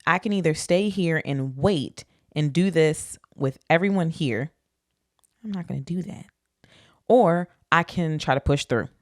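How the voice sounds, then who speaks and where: A young woman podcast host, telling a story in an animated, profane, casual way. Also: low voice, a little slow, no echo, studio quality.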